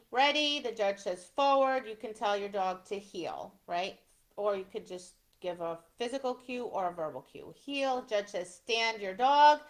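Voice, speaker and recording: A middle-aged woman teaching dog obedience trial rules step by step, often checking in with "right?". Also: medium pitch. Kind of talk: instructional talk.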